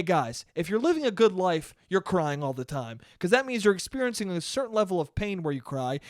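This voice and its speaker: A young man with a high voice hosts a solo podcast in clean studio sound without room sound. His casual monologue rambles, laced with swearing, self-interruptions, and frequent laughter.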